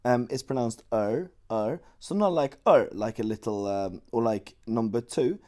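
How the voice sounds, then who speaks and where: A man's voice: medium pitch, animated, dark tone. Playful male teacher. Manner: playful, joking asides while explaining slowly. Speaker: Chinese language teacher. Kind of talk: online language lesson.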